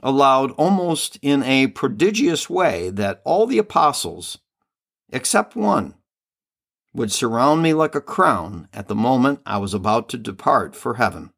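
A man reading the part of a loving heavenly mother and queen, slow, solemn and tender, in a devotional reading. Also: medium pitch, sing-song, creaky, a bit bright, exaggerated voice.

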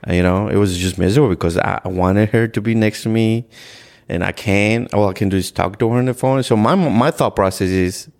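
Deep gravelly man. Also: a little mellow. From Ecuador. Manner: earnest, halting, with repeated restarts and "like". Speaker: podcast guest. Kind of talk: candid storytelling in conversation.

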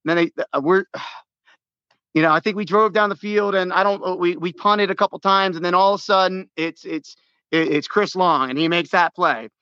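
A man telling a sports story in casual chat, excitable and full of restarts, acting out his own shouts. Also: sits high, normal speed, clean tone, dry recording, muffled recording. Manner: many restarts and repeated words.

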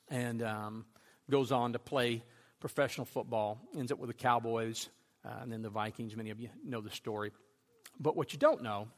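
Male pastor, high voice, storytelling sermon delivery, reverberant hall. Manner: storytelling, building to loud intense peaks.

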